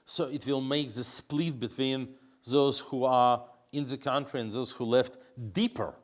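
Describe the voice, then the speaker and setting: Answering an interviewer in English, this Russian opposition politician, a native Russian speaker, speaks a little slowly in a steady, mid-range voice. His delivery is halting, packed with fillers and restarted sentences.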